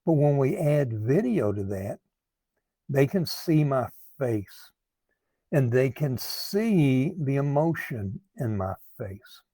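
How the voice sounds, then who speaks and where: An earnest man talks as a recovery coach, taking his time and restarting phrases as he thinks. His voice is mellow and gravelly with a husky edge. The sound is dry and close. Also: medium pitch, sing-song, dry recording. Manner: slow, earnest, repeats words while thinking. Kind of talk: talking to camera, advice monologue.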